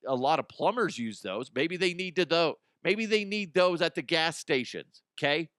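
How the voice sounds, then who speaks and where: Casting note: male host, loose profane comedic rant, smooth voice, dry close sound. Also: fairly high pitch, a bit bright, no echo. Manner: profane, rambling, acts out imagined people. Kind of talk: casual comedic news rant.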